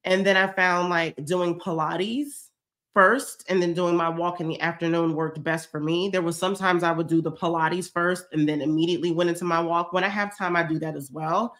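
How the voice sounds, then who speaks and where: A lowish, somewhat bright, steady voice at normal speed comes from a woman hosting a fitness check-in livestream. A touch stuffy with a cold, she answers viewers' comments in chatty, effusive fashion and uses "y'all" a lot.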